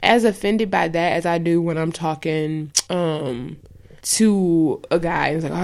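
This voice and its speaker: A woman's voice: lowish voice, animated, moderate pace, vocal fry, a little mellow. A woman co-hosting a podcast, ranting in a heated, profane and emphatic way. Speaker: podcast co-host. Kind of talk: ranting casual podcast talk.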